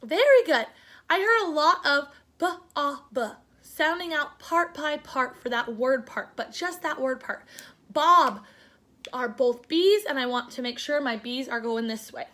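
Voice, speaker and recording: A young woman teacher giving a phonics lesson to children, sounding words out slowly part by part and encouraging them. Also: sits high, animated, fairly bright tone. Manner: slow, sounding out word parts, encouraging.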